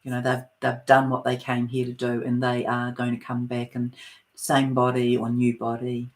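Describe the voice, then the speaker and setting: Woman with a New Zealand accent, spiritual channeler; soft, meandering delivery with frequent pauses. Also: rumbling low, monotone. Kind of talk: live-streamed spiritual talk.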